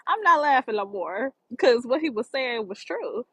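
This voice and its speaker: A woman with a fairly high voice gives an earnest spiritual pep talk outdoors near the water. She repeats her key phrases for emphasis, and her voice comes across dry and close. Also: sing-song, normal speed, a bit bright, husky, no echo, rough recording. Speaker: motivational vlogger.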